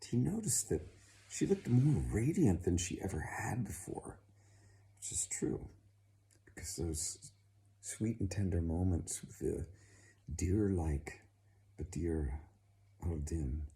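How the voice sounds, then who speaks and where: A man narrating a folk tale in a slow, dramatic, expressive storytelling manner. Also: low-pitched, gravelly.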